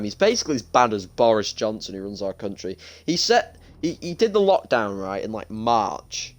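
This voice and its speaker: A young British man in his late teens, chatting and ranting casually while streaming a game, often restarting his sentences. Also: medium pitch. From United Kingdom. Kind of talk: casual gaming stream chat. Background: faint game gunfire.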